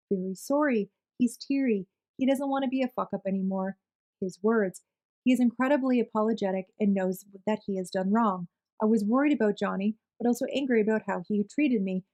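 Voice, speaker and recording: A woman reads a long witness statement aloud at a steady, measured pace. Her pitch sits in the middle of the usual range, and she keeps the delivery plain. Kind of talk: plain read-aloud narration.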